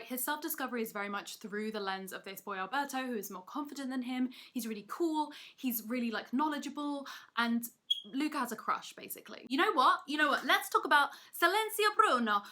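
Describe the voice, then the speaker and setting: A woman hosting her own video, ranting to camera with rapid, emphatic, self-mocking energy from a rented room. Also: a little high, a bit bright. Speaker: video essayist host. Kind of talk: energetic comedic rant to camera. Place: rented apartment room, indoors. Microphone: camera mic, seated in wheeled office chair.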